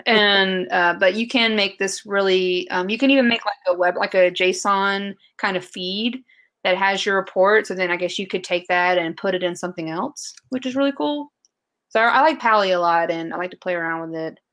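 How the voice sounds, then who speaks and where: A woman's voice: medium pitch, moderate pace, fairly bright tone. A woman with a Southern US accent, a podcast guest who explains things in loose casual chat, full of fillers and restarts. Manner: rambling, many fillers and restarts.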